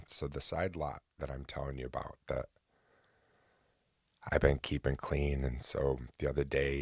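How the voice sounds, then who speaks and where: A man's voice: a bass voice, breathy edge, no room sound, clean studio sound. A man hosting a podcast, telling a personal story in a chatty rambling way with hesitant restarts. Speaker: podcast host. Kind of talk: casual rambling monologue.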